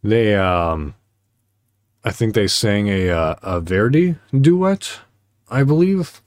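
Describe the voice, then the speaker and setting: A man with a low voice hosts his own podcast and talks unhurriedly. He rambles in a heartfelt way, full of ums and restarts. The sound is dry and close, with no room around it. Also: expressive, slow, darkish tone, no room sound. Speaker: podcast host. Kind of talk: casual solo podcast talk.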